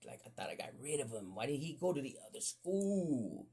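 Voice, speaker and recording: A man with a gravelly, husky voice tells a rambling story full of swearing. He talks casually, and his voice climbs high when the story heats up. His pitch sits in a middle range. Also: a little fast. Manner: profane, animated storytelling that jumps up high in pitch when excited. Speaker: podcast host.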